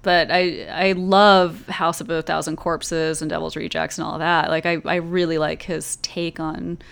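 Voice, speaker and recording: A woman's voice: low-pitched, level tone, unhurried, creaky, a bit bright, clear, resonant tone. A young woman from the American South, chatting casually about a movie, a bit tipsy from wine, laughing often and drawing out her syllables. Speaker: podcast co-host.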